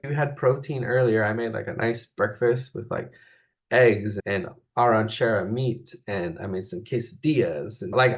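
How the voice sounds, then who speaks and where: A man hosting a casual spiritual talk, rambling loosely and filling his speech with "like". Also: on the low side. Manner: rambling, filler-heavy, full of "like". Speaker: spiritual coach and host.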